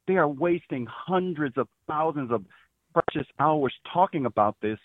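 A man's voice: fairly high pitch, expressive, moderate pace, dry recording. A man calling into a radio show, talking earnestly and critically, restarting his sentences now and then. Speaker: caller. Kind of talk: phone call to a radio show. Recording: tinny phone line.

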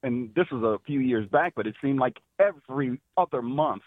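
A man's voice: mid-range voice, animated, normal speed, no room sound. Guy calling into a talk show over a phone line, sounds tinny, talks serious and critical. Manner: earnest, critical, restarts sentences. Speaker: caller. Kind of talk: phone call to a radio show.

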